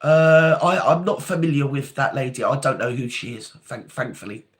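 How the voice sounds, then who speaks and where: A woman's voice: a bass voice, lively intonation, moderate pace. An older woman, hosting a casual live chat, reading out viewer comments and calling them darling. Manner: chatty, calls viewers darling and sweetheart.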